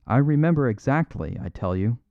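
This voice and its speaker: A man voicing an eager, boyish young aristocrat who talks with excited, emphatic insistence. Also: medium pitch, normal speed, no echo, narrow, tinny audio, lightly acted.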